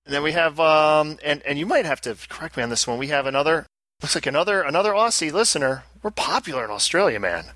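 A man's voice: on the high side, lively intonation, fast, bright, forceful tone, no room sound. A man co-hosting a casual pinball podcast, laughing and teasing through the banter. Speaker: podcast co-host. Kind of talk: casual chat.

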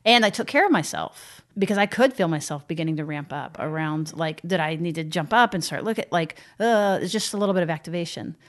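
A woman co-hosting a podcast, explaining ideas in a calm, reflective and self-critical way. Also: on the low side, brisk, few pauses. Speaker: podcast co-host. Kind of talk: casual podcast conversation.

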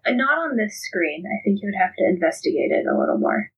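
A woman's voice: mid-range voice, very animated, quick pace, husky, low-quality recording. A woman narrating as game master of a tabletop game, describing scenes casually with many ums.

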